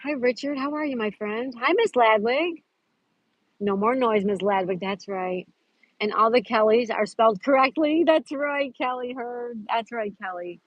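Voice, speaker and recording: A woman hosts a relaxed live stream from a park and reads viewer comments aloud in an easy, chatty way. She greets people by name and laughs often. The sound is close and dry, with the dull, narrow tone of a phone stream. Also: a little high, a little slow, no room sound. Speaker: livestream host. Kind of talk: casual live chat reading viewer comments. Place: outdoors at a park.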